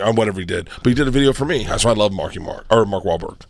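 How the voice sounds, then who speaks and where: Boisterous man telling stories, low voice. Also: lively intonation, dry recording. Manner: boisterous, loud, quick to act out other people's lines. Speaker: guest comedian. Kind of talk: casual podcast banter and storytelling.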